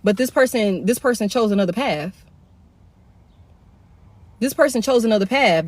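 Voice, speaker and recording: A woman reads tarot live into her phone, swearing freely and repeating herself for emphasis. Her voice sits fairly high for a woman, and the sound is dry, close and free of room echo. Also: lively intonation, moderate pace, pauses often. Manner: blunt, profane and repetitive, with heavy slang. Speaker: tarot reader. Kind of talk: casual live tarot reading.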